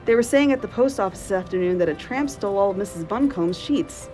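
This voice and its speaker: A woman voicing a nervous teenage girl in a storybook read-aloud, with a shrill, wailing manner. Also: lively intonation, fast talker, mellow, soft background music, lightly acted.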